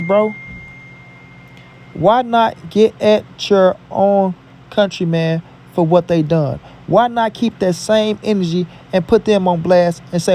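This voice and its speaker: High-voiced man ranting heatedly. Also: darkish tone, slight background noise. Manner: profane, emphatic, repeats lines for punch. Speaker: boxing commentary vlogger. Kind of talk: heated opinion rant.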